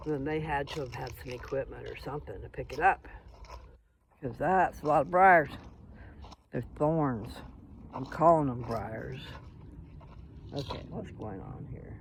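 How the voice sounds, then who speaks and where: This Colorado vlogger speaks in a medium-pitched, unhurried voice with vocal fry, pausing often over a noisy background. He rambles casually to viewers while walking a path outdoors, recording on a handheld phone.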